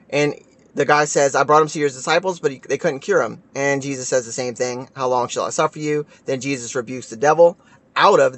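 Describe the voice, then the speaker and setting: A man giving a casual Bible study talk who reads scripture aloud and keeps checking in with "right?". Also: mid-range voice. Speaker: Bible teacher.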